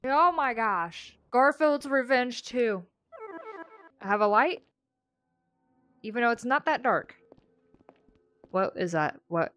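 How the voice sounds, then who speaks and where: A young woman playing horror games on her channel, gasping and reacting out loud as she goes. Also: on the high side, takes it slowly, pauses often, soft background music. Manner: excitable, yelps and gasps. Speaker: gaming YouTuber.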